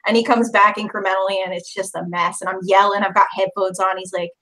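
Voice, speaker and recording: Loud, expressive young woman, swearing freely. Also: medium pitch, fast talker. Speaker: podcast co-host. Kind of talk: casual chat.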